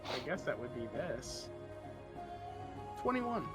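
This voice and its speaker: A man from Canada playing a tabletop game, friendly and a bit halting. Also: on the high side, very animated, fairly bright tone, soft background music. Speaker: player. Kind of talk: casual tabletop play.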